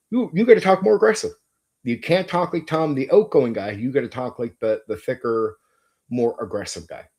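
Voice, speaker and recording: A man's voice: mid-range voice, darkish tone. A middle-aged man hosting his channel, giving a blunt, emphatic monologue with some swearing. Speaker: channel host. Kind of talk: opinionated monologue.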